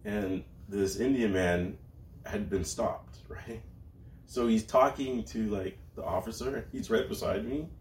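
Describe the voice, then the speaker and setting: A man's voice: fairly low pitch, unhurried, darkish tone, echoey room, a little hiss or hum. A man co-hosting a casual comedy podcast, teasing his partner with dry ribbing. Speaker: podcast co-host.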